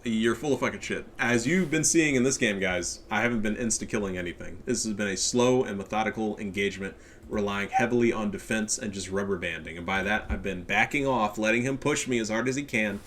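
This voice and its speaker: A man's voice: fairly low pitch, fairly quick, fairly bright tone, a little hiss or hum. A man with a stuffy nose giving casual, profane and cocky commentary on a strategy game match. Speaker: game caster.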